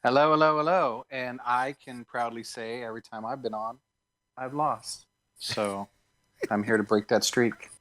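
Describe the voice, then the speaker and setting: A man's voice: medium pitch, fairly even intonation, a little slow, fairly bright tone. A man, a contestant on a comedy debate show, asking teasing questions with a laugh. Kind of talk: comedic banter.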